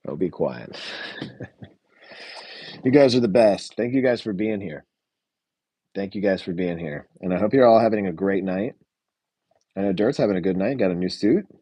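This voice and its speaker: Low dark-voiced man rambling a review. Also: husky, no room sound. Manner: rambling, many fillers, reads live chat. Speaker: show reviewer, live stream host. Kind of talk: casual live review chat.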